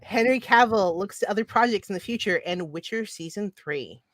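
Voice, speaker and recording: A woman from Ireland co-hosting a casual podcast, reading nerd news in an excitable way that trails off and restarts. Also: medium pitch, moderate pace, no echo. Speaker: podcast co-host.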